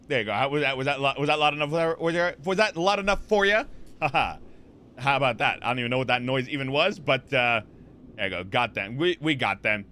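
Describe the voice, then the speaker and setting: A man streaming from his home setup talks straight into a desk mic, with a clear, bright, forward voice. He rambles through chat messages, answers viewers on the fly and keeps circling back with "like" and "you know". His pitch sits in the middle of the male range. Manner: rambling, animated, lots of fillers and repeats; reads chat messages aloud and answers them. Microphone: desk microphone.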